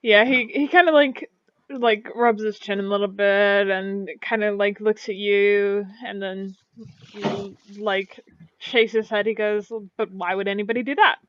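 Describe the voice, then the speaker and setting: A woman game master narrates a tabletop game. She keeps stopping and hedging with fillers. Her middle-pitched voice sounds dull through a lo-fi mic, with the room dry and close. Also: little pitch movement, slow, clear, resonant tone, no echo. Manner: hesitant, full of "kinda, like".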